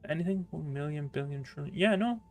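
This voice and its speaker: A man's voice: a little high, fairly quick, soft background music. A man hosting a casual let's-play stream, joking, laughing often and drifting into rambling tangents. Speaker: gaming channel host.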